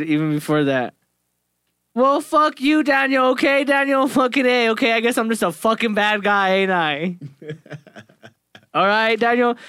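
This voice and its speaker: High-voiced profane joking man. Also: pushed and bright, smooth, no echo, clean studio sound. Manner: profane, joking, laughs often. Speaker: podcast co-host. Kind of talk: casual chat.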